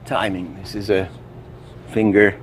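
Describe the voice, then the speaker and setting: A man's voice: low voice, little pitch movement, measured pace, slight background noise. A man explaining animation timing and doing little sound effects as he demonstrates. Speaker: animation teacher. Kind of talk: instructional demonstration.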